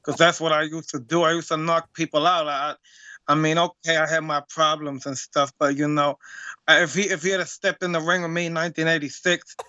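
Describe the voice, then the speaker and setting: A boastful veteran boxer, with a high, bright, lisping voice that brags about his punching power. The clip sounds dull and lo-fi, close and dry. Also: level tone, a little fast, no room sound. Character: impression of a famous older heavyweight boxer, boastful.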